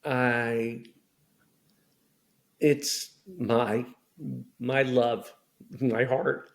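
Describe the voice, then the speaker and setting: A middle-aged man telling candid family stories as a podcast guest, animated, acting out voices of relatives. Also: medium pitch, extremely slow. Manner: animated storyteller, acts out family members' voices. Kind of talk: candid storytelling conversation.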